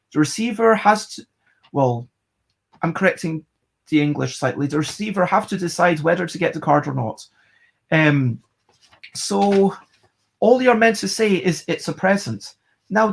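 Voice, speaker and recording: Chatty board game reviewer. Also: mid-range voice. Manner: chatty, rambling, thinking aloud. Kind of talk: casual video review.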